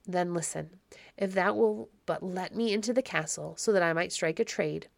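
A crafty one-eyed peddler sweet-talks his way along in old-fashioned speech, read by a woman. The storybook voice sits at a middling pitch. It is recorded dry and close. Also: moderate pace, gravelly, no echo. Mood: wheedling. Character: sly one-eyed male peddler, wheedling.

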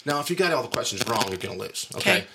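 A man's voice: mid-range voice, very animated, very fast, noisy background. A middle-aged man hosting a podcast in casual, joking chat, teasing and laughing often. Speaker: podcast host.

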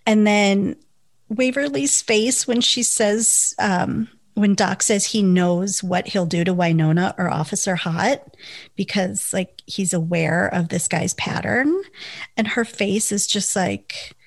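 A woman chatting casually about a TV episode, enthusiastic and quick with asides. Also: medium pitch. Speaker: co-host. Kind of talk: casual TV recap chat.

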